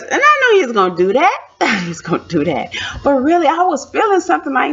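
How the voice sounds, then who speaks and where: A woman in her thirties telling a personal story in a casual, animated way, repeating phrases for effect and often laughing. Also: sits high, fast talker. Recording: dull lo-fi recording.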